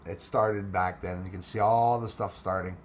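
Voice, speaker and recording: A man's voice: sits low, fairly even intonation, moderate pace, slight background noise. A man hosting a casual livestream, rambling and thanking viewers by name as he reads their comments aloud. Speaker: livestream host reading chat. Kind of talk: casual live chat.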